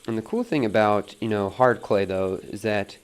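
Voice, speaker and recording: A man giving a relaxed live pottery demonstration at the wheel, talking through each step on a wireless mic in his studio. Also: lowish voice, moderate pace, clear, resonant tone. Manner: relaxed, talks while working at the wheel, reads chat aloud. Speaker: pottery teacher streaming a demo. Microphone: wireless transmitter mic.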